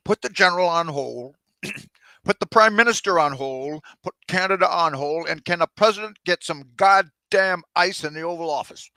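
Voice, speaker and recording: A man reading his novel aloud, voicing a boozy, blustering aging president who bosses his staff loudly. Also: mid-range voice, animated, moderate pace, no echo. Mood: barking. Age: older. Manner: loud, bossy, swaggering.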